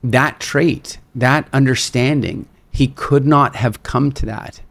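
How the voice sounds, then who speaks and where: A man who is a speaker and seminar leader, telling stories as a podcast guest and acting out quotes with lively energy. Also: medium pitch, takes it slowly, gravelly. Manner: animated storyteller, acts out quotes, repeats words. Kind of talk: storytelling in a podcast interview.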